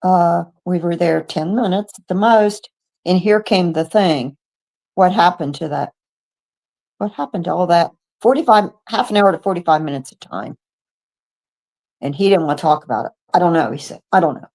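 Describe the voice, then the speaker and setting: An older woman in her seventies from the United States, a guest on a radio show, telling her own story with lively acted-out dialogue, stumbling and restarting as she goes. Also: on the low side, moderate pace, vocal fry. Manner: animated storyteller who acts out quoted dialogue, with stumbles and restarts. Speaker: guest witness. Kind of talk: first-person storytelling. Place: radio studio.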